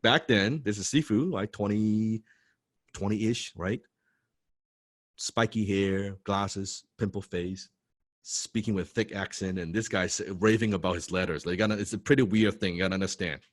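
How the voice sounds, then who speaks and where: A man telling a personal story to an audience, excitable and swearing freely, full of restarts and "right?" tags. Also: fairly low pitch, normal speed, no echo, clean studio sound. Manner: restarts and repeats words often. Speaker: motivational speaker telling his story. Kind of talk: animated storytelling talk.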